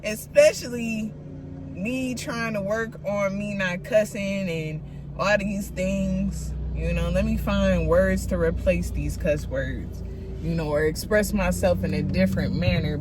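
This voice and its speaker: Slow, slangy woman podcaster. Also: mid-range voice, background noise. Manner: slangy, laughing, loose storytelling. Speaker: podcast host. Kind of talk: casual solo podcast talk.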